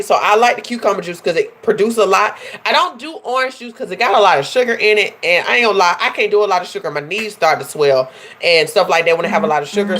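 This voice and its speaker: A woman's voice: fairly low pitch, a bit bright. A woman hosting a casual livestream, chatting with viewers, laughing often and calling them y'all. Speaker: life coach and livestream host.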